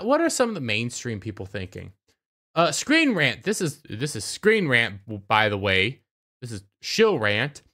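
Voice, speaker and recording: A young man hosts a YouTube channel, his medium-pitched voice a little bright. He rants casually, sarcastic and mocking, and often repeats words as he gets a sentence going.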